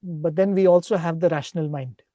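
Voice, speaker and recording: A man giving a devotional talk, retelling stories in an unhurried, explanatory way and often checking in with a questioning "right?". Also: on the high side, steady tone, dark tone, no room sound, clean studio sound. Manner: ends points with a questioning "right?". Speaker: spiritual speaker.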